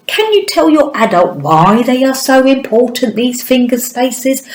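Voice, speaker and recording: Slow sing-song woman phonics teacher. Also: high voice, very animated, echoey room, low-quality recording. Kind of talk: early-years phonics lesson.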